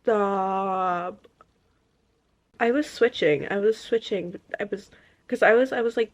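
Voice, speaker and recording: A young woman vlogging about a book series, reacting with animated disbelief and reading passages aloud. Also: mid-range voice, a little slow, muffled recording. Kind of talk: casual chat reading aloud.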